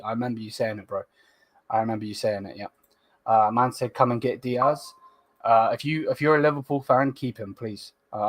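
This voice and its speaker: A man hosting a fan livestream, reading chat comments in a casual, slangy way and bursting into loud, sweary excitement. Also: medium pitch, dry recording. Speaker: fan channel host.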